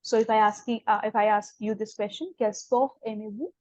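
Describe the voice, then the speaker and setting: A woman's voice: medium pitch, fairly even intonation, darkish tone, no echo, muffled recording. A woman with an Indian English accent teaching a beginners' French class, patiently explaining and quizzing students. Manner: patient, explains slowly, asks questions and corrects. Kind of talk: online language class.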